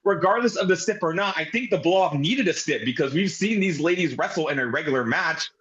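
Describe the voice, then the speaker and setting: A man's voice: a little high, animated, a little fast, fairly bright tone, lo-fi sound. A man co-hosting a podcast, talking casually with strong opinions and some swearing. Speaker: podcast co-host. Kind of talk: casual chat.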